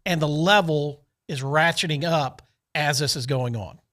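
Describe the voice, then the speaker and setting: A man's voice: fairly high pitch, measured pace, fairly bright tone. A man who used to coach junior college, explaining things step by step on sports radio and repeating words while he thinks. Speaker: guest analyst, former junior college coach.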